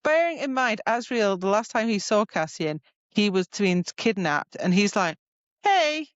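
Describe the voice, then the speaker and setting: Woman, podcast co-host, quizzical and questioning, medium pitch, muffled lo-fi recording. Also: normal speed, no room sound. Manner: quizzical, fires off repeated questions. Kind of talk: casual book-discussion chat. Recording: dull lo-fi sound.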